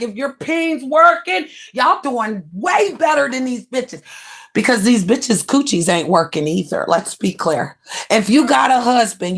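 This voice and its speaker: A woman streamer in a brash, profane rant, mocking rivals and swinging between loud jabs and low mutters. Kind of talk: ranting livestream monologue.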